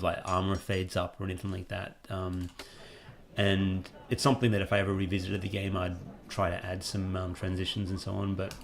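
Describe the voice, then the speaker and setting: Man, game developer, deep voice, gravelly, rambling gameplay commentary, music behind. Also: a little hiss or hum. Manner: rambling, relaxed, many fillers.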